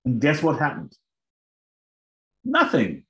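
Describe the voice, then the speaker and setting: A middle-aged man telling his own story to an audience in an animated way, acting out his past thoughts. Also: on the high side, takes it slowly. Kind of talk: personal storytelling talk to an audience. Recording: roomy hall sound.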